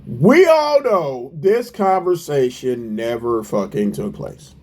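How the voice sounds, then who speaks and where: Male reaction commentator, slow, swooping, mocking delivery, heavy swearing. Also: medium pitch, big pitch swings, darkish tone, a little hiss or hum. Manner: mocking, incredulous, swearing heavily.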